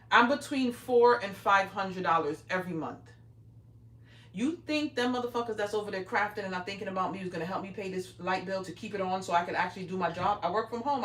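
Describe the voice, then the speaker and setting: Speaking at a medium, slightly bright pitch, this middle-aged woman hosts a casual crafting livestream from her home craft room. She teases her audience in a bossy, brash way and swears freely. The mic sits far from her, giving an echoey, roomy sound.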